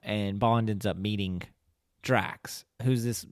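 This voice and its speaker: A man co-hosting a podcast, recapping a film in casual chat, rambling with lots of "like" and quick laughs. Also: lowish voice, steady tone, no echo, studio quality. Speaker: podcast co-host.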